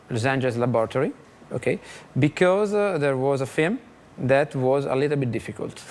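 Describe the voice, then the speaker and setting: A film restorer with an Italian accent, recalling the work in a halting interview style full of fillers. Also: male voice, a little high. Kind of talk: interview recollection.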